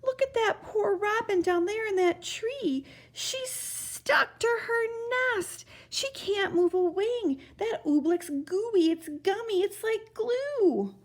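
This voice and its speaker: A woman's voice: extremely high pitch, lively intonation, takes it slowly, hardly any pauses, pitched above the performer's own voice, exaggerated voice. A woman voicing a brave young boy who urgently pleads and warns others in a storybook reading. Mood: alarmed.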